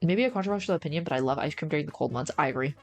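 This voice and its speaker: A woman's voice: low voice, rapid-fire, soft background music. A woman streamer in casual, slangy livestream chat, rambling and answering her chat. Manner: rambling, slangy, says bro a lot.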